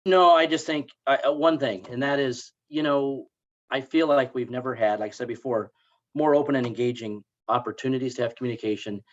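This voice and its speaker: A college staff member speaking in an earnest, hesitant way during a webinar. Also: male voice, mid-range voice, brisk, highs cut off. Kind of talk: casual webinar talk.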